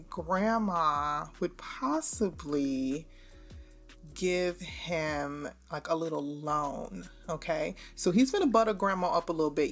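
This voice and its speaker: A woman giving casual, slangy, animated commentary over a game she is playing. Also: fairly low pitch. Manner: chatty, slangy, animated storytelling. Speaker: gameplay narrator.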